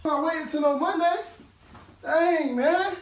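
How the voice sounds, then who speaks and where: A woman arguing in a filmed vlog, frustrated and yelling, cursing under her breath. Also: high voice, a little slow, very noisy. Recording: echoey room, far from the mic.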